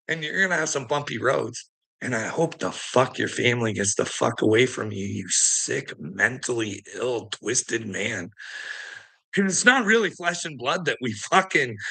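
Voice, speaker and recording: Gravelly, husky man ranting. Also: mid-range voice, bright, forceful tone. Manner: profane, confrontational, laughs mid-rant. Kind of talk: ranting monologue to camera.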